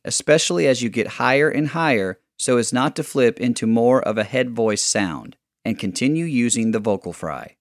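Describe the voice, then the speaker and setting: A man calmly narrating vocal exercises as a coach, giving clear step-by-step directions. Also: mid-range voice, dry recording, clean studio sound. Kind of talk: instructional narration.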